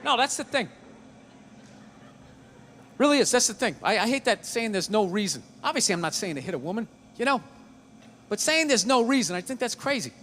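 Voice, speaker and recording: A man's voice: sits high, very animated, brisk, long pauses, fairly bright tone, slight background noise. An American man doing a stand-up routine, ranting with profanity and acting out both sides of an argument. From United States. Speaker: stand-up comedian. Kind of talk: stand-up routine before a live audience.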